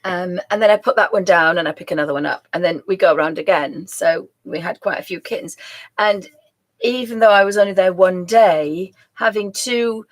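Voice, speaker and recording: A woman's voice: lowish voice, normal speed. A middle-aged woman hosting a live crafts stream, chatting in a rambling, friendly way and breaking off to apologise. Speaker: host of a live crafts show. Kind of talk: casual live-stream chat.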